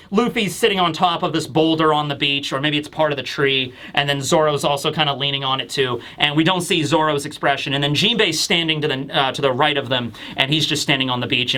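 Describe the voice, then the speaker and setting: A man's voice: a little high, pushed and bright. A man hosting a casual manga review, talking in a rambling, enthusiastic way. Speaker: host.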